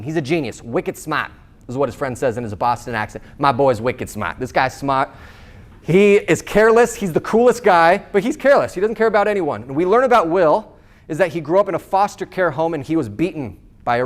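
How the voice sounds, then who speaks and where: A man with a somewhat high-pitched voice speaks earnestly to a room of teenagers. He talks with emphasis, repeating key points. Now and then he acts out the lines of film characters as he retells a scene. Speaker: speaker at a high school chastity talk. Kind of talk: faith-based talk to teens.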